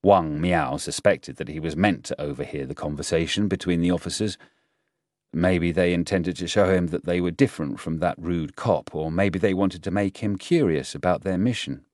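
A man reading an audiobook aloud, steady and measured. His voice sits very low, and the recording is dry and close with no room sound. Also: dry recording. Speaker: audiobook narrator. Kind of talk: scripted narration.

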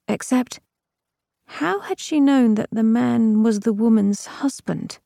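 A woman narrating a novel as an audiobook in measured, even storytelling. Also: a little high, vocal fry, dry recording, studio quality. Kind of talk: scripted fiction narration.

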